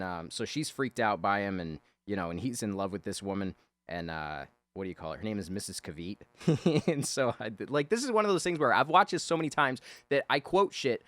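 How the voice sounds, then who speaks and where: A man's voice: fairly low pitch, fairly bright tone, dry recording. A man rambling casually and profanely as he talks over his drawing, chuckling often. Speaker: artist talking over a drawing.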